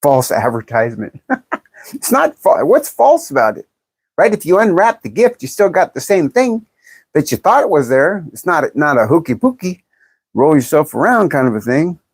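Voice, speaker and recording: A woman's voice: deep voice, big pitch swings, normal speed, a little mellow, slightly rough, no echo. A woman in her fifties chatting bluntly and jokingly on a livestream, reading viewer comments aloud and laughing often. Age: 50s. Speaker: livestream host. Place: in California.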